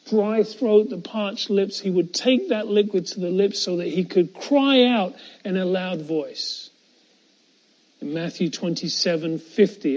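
A man preaching a sermon in an earnest way, building to emphatic repetition and dropping to a hush on key phrases. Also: high-pitched, muffled recording. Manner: drops to a hushed voice on key phrases.

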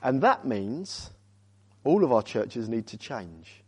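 A man preaching a sermon as a visiting speaker, urging the congregation with rhetorical questions and swinging from loud emphasis to quiet, weighty words. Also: mid-range voice, big pitch swings, slow, slightly rough.

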